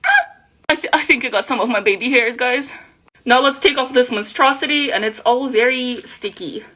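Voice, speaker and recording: Young woman vlogging, kinda high voice, playful and chatty, jokes at herself. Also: fairly quick, pushed and bright. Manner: playful, chatty, self-mocking. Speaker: makeup creator. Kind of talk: casual vlog narration.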